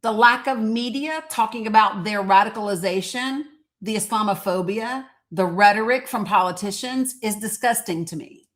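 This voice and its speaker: A woman's voice: mid-range voice, normal speed, fairly bright tone. A woman hosting a commentary monologue, talking in a heated, blunt way, swearing and reading quotes aloud. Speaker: host.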